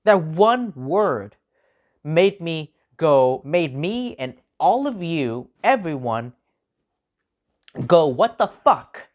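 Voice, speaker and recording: A man's voice: fairly high pitch, big pitch swings, extremely slow, long pauses. Agitated man ranting a film review. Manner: agitated, repeats himself, frequent restarts. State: angry. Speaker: movie reviewer.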